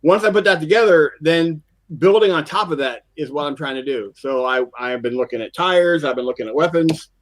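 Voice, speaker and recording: A man's voice: fairly high pitch, fairly quick, hardly any pauses. An older man co-hosting a casual hobby show, chatting in a rambling, storytelling way that often trails off. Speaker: co-host of a model car customizing show. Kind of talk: casual chat.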